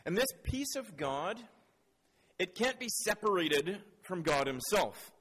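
A man's voice: high voice, sing-song, takes it slowly, a bit bright, breathy edge. A man preaching a sermon. He playfully quizzes the congregation, then turns earnest and reflective. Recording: long hall reverb.

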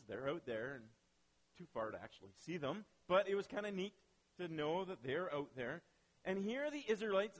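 A man preaching a sermon as pastor, telling stories with lively asides and acting out quoted voices. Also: a little high, low-quality recording.

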